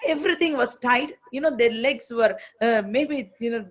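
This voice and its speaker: Woman preacher, fairly high voice, emphatic sermon delivery, full of repeated phrases and rhetorical questions; dull lo-fi sound. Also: moderate pace.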